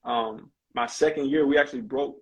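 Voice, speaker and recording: A man's voice: medium pitch, steady tone, normal speed, a little mellow, highs cut off. A man, a basketball coach and former player, telling his story candidly and animatedly as a podcast guest, with casual slang. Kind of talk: conversational storytelling in a podcast interview.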